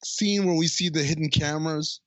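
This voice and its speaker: A man's voice: on the high side, steady tone, brisk, dry recording, dull audio. A man co-hosting a podcast, chatting casually and trailing off mid-sentence. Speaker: podcast co-host. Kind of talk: casual chat.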